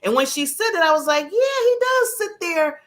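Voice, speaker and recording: A woman's voice: extremely high pitch, normal speed. A woman co-hosting a talk show, chatting casually, acting out quotes and laughing often. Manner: animated storytelling, acts out quotes, laughs often. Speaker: co-host. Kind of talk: casual chat.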